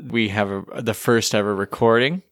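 A man's voice: on the low side, moderate pace, creaky, fairly bright tone, no room sound. Chatty male podcast co-host, dry sound. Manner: chatty, joking, plays song clips. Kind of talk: casual chat.

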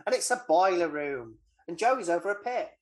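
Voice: mid-range voice, animated, normal speed. A podcast co-host, casually retelling a film plot in a wry, rambling way with lots of ums. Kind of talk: casual film recap chat.

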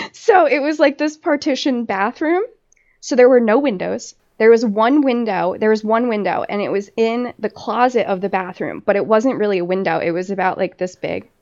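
A woman podcast host tells a story in casual chat, laughing often and swearing freely as she rambles through fillers. Her voice sits a little high and comes through dull, lo-fi audio. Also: moderate pace, a little mellow. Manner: laughs often while telling.

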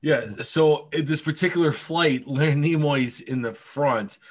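A man's voice: fairly high pitch, measured pace. Man telling loose, swear-laden stories. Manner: animated anecdotes, frequent swearing and laughter. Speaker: podcast co-host. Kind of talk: casual storytelling chat.

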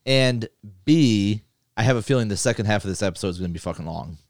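A man hosting a casual movie podcast, talking loosely with swearing and rattling through a list fast. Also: on the low side, no room sound, clean studio sound. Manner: loose, profane, reads lists quickly. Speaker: podcast host.

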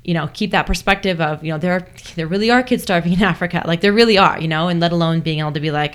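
A young woman with a somewhat low voice speaks as a guest in a relaxed interview. She rambles in a chatty way, with lots of fillers and restarts. She often acts out her own inner thoughts as quoted lines. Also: rapid-fire, hardly any pauses. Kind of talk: casual conversational interview.

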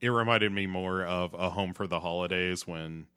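A man's voice: low voice, moderate pace, sharp tone, clean tone. A man co-hosting a podcast, recapping in a laid-back casual chat and dropping into playful silly voices. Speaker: podcast co-host.

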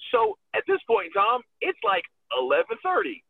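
A man telling a road story as a guest in casual talk, animated and profane, acting out quotes and laughing often, heard over a phone line. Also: very high voice, normal speed, breathy edge, dry recording. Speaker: wrestler guest. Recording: tinny phone-line sound.

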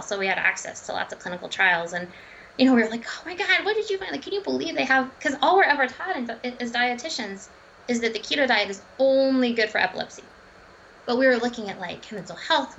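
A woman, a dietitian and runner, telling her story as a podcast guest in a chatty, animated way, full of fillers, restarts and laughs. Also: mid-range voice, creaky, highs cut off, a little hiss or hum. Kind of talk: casual podcast interview storytelling.

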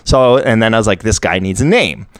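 Young guy chatting on a podcast, smooth clear voice, dry close sound, tells his game story all animated. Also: on the low side, brisk, no room sound. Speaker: podcast co-host. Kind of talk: casual chat, recounting a tabletop game.

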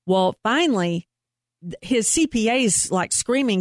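An earnest, emphatic woman speaking as an investigator being interviewed. Her voice sits at an ordinary middle pitch. The sound is dry and close, with no room around it. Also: lively intonation, moderate pace, no echo. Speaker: private investigator and guest. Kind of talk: interview conversation.

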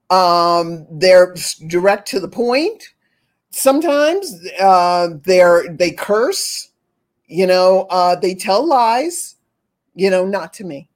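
A woman who talks with animals, explaining her work in an earnest, repetitive conversational way. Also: mid-range voice. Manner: earnest, repetitive, acts out pitying voices. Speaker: animal communicator guest. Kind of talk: casual conversation.

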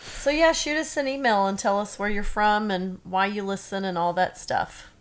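A woman's voice: mid-range voice, moderate pace. Chatty woman co-hosting a podcast. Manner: chatty, storytelling. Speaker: podcast co-host. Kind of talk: casual chat. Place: bedroom at home.

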